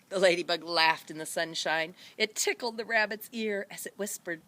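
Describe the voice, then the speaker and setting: A woman reading a storybook aloud for children, animated, with high voices for each animal. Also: moderate pace, hardly any pauses. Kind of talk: read-aloud storybook narration.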